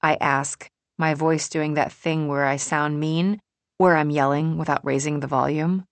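A young woman reads a first-person novel with wry, sardonic introspection. Her voice sits low, and the close studio recording is dry with no room sound. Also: fairly even intonation, measured pace, dry recording. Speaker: audiobook narrator. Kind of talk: first-person scripted narration.

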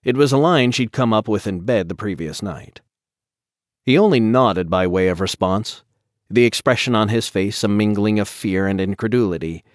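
Deep-voiced man narrating a dark audiobook. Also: normal speed, no room sound, clean studio sound.

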